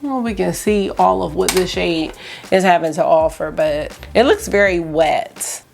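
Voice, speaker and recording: A woman vlogger chatting excitedly through a makeup swatch review, rambling with lots of asides. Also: on the low side, unhurried, creaky, soft background music. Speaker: beauty vlogger.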